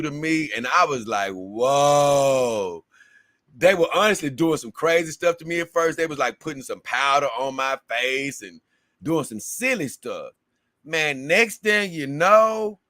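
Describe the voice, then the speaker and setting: A man's voice: mid-range voice, pushed and bright, dry recording, studio quality. A man hosting a casual livestream, reading viewer comments aloud and rambling to his audience in a slangy, talkative way.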